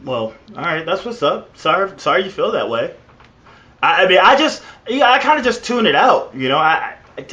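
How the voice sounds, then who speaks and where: A man's voice: sits high, big pitch swings, moderate pace, sharp tone. A man co-hosting a podcast in laid-back casual chat, often stammering and restarting. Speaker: podcast co-host. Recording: dull lo-fi podcast audio.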